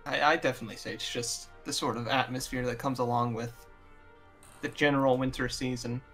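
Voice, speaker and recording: A man's voice: mid-range voice, flat delivery, brisk, fairly bright tone, soft background music. Young man with dry wisecracks. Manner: dry, wisecracking one-liners. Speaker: podcast co-host. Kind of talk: casual chat.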